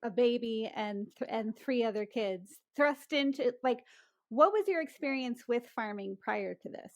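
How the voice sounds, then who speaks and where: A woman hosting a podcast, asking gentle questions and affirming her guest. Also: a little high, lively intonation, a little slow, no room sound. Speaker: podcast host. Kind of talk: casual interview.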